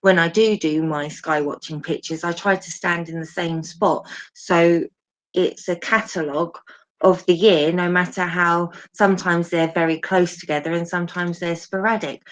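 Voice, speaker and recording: A woman guest in a casual live chat, describing things in a reflective, drawn-out way over a video call. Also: on the low side, steady tone.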